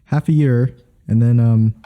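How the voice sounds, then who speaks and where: A man's voice: mid-range voice, fairly even intonation, unhurried, narrow, tinny audio. A young man co-hosting a casual podcast, rambling and hesitant as he talks. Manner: rambling, hesitant, full of fillers. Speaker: podcast co-host. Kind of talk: casual chat.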